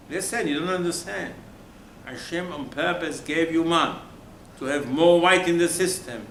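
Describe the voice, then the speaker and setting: A man's voice: a little high, moderate pace, a bit bright. A man, a rabbi, giving an emphatic Torah sermon, firing rhetorical questions at his listeners and dropping suddenly to a near-whisper. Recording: roomy room with faint ambient noise.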